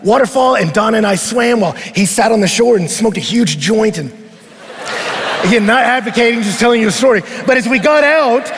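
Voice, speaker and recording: A man preaching at a conference, telling a story in an animated way and sometimes rising to a shout. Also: sits high, brisk, background noise. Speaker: pastor. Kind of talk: conference sermon. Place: large arena. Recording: long arena reverb.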